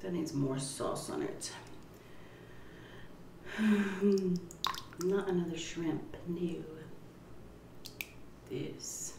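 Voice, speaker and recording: A middle-aged woman vlogging while she eats, telling a story in a lively, cursing style. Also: deep voice, drawn-out words, pauses often, background noise. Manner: lively storyteller who curses and acts out quotes. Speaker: mukbang vlogger. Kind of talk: casual storytelling while eating. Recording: roomy, mic at a distance.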